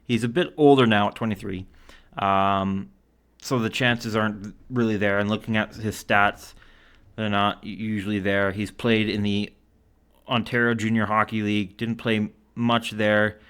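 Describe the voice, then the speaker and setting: A man's voice: on the low side, little pitch movement, a little slow, a bit bright, smooth. A man from Canada giving casual solo commentary, reading out stats and quotes with lots of fillers. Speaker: hockey commentator.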